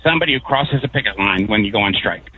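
A man's voice: on the low side, lively intonation, fast talker. A man from Connecticut calling in to a radio show, rambling through stories with lots of fillers. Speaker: caller. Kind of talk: telling stories on a call-in show. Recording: tinny phone line with faint noise.

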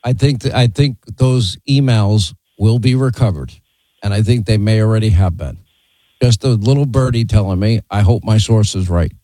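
A man's voice: on the low side, moderate pace, dark tone, dry recording, low-quality recording. A man hosting a broadcast interview, speaking emphatically and assertively. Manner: emphatic, assertive, makes predictions. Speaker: talk show host.

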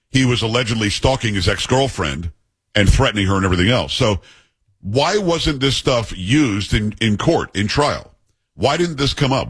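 A man's voice: fairly low pitch, fairly bright tone, slightly rough, no echo. A middle-aged man hosting a talk show, chatting casually with a joking, teasing manner. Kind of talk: casual talk radio monologue and banter.

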